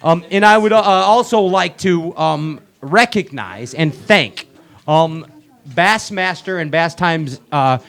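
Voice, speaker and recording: A man's voice: on the high side, takes it slowly, fairly bright tone. A man hosting a live show from a bar, joking with guests and announcing like a hype man. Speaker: show host. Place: bar venue with live audience.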